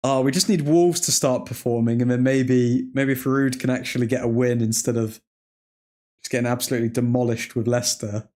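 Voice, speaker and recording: A man's voice: medium pitch, fairly even intonation, a little fast, darkish tone. A man hosting a live football watchalong, chatting casually and rambling with frequent laughs and mock French phrases. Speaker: watchalong stream host. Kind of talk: casual live-stream chat.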